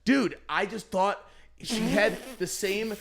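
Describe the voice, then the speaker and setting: Animated man telling stories on a podcast. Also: high-pitched, takes it slowly, gravelly. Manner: animated storyteller, acts out his own panicked voice. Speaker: podcast co-host. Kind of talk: casual chat.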